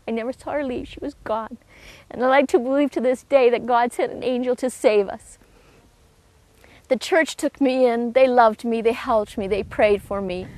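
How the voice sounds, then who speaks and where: Woman, high voice, dry close sound, middle-aged, earnest heartfelt testimony, halting restarts. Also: no echo. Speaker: speaker giving a personal testimony. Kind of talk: emotional personal testimony.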